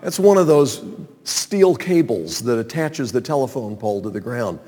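A man from North Carolina telling a personal story to an audience in an animated, sermon-like way. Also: medium pitch, normal speed. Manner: animated storyteller, acts out calls and sounds. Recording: long reverb of a large hall.

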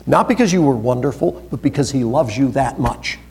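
A pastor preaches briskly to his congregation, his creaky voice carrying lively intonation. He stresses the scripture he reads aloud, trading loud, emphatic phrases for hushed, low asides.

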